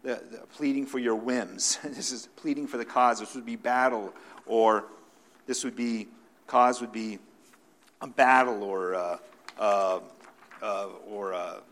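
A man preaching a sermon off the cuff, with restarts and fillers, swinging between loud emphatic stresses and quiet asides. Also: on the low side, takes it slowly, pauses often. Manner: unscripted preaching with frequent restarts and filler words.

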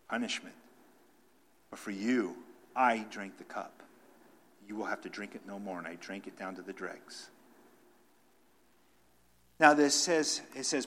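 Man preaching in loud and soft bursts. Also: medium pitch. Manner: unscripted preaching with frequent restarts and filler words; swings between loud emphatic stresses and quiet asides. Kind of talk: sermon.

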